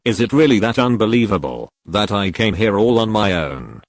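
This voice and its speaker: A man's voice: on the low side, very animated, normal speed, no room sound. A man voicing a lazy, laid-back teenage boy ninja in a story reading. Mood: deadpan.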